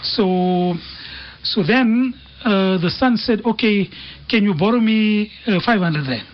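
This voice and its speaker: Speaking slowly in a high voice, this radio guest shares earnest stories on faith and family, weaving in Arabic quotations. The studio sound is dull and dry, with slight background noise.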